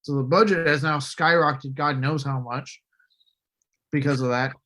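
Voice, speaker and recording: A man talking loosely and profanely in a casual podcast chat. He rambles through his points and now and then bursts into loud mock shouting. His voice sits at an ordinary middle pitch. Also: steady tone, moderate pace.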